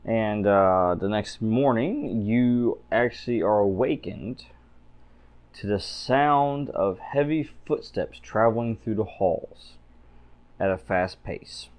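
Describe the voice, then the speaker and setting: A man narrating a tabletop game as game master, relaxed and laughing often. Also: fairly low pitch, slow.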